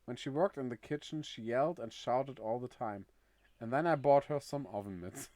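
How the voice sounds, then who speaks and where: A man's voice: mid-range voice, normal speed, a little mellow, dry recording. A man chatting casually on a game livestream, laughing often and reading chat aloud. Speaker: game streamer.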